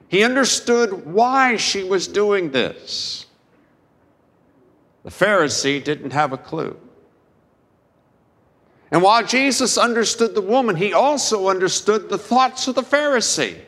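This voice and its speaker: Male pastor, slightly high voice, unhurried sermon delivery with dramatic pauses. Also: a bit bright, long reverb tail. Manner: slow, deliberate preaching with dramatic pauses.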